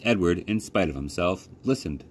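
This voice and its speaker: Male children's read-aloud narrator, deep and animated, faint background hum. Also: normal speed. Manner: expressive storytelling with lively pitch. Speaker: library youth services coordinator.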